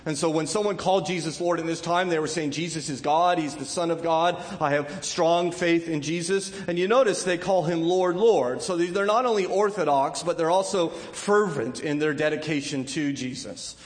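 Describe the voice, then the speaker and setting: A man preaching a sermon as pastor, impassioned and building to loud emphatic peaks, often repeating words as he restarts. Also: on the high side, moderate pace, few pauses, in a large hall.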